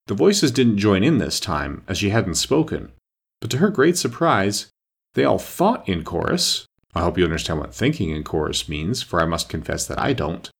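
A man narrating a children's storybook aloud with an expressive, lively delivery. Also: lowish voice, moderate pace, husky. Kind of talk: storybook reading.

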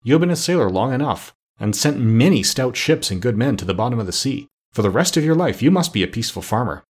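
A man's voice: medium pitch, big pitch swings, fast talker, breathy edge. A man voicing a kind but firm animal doctor who lectures politely and sternly.

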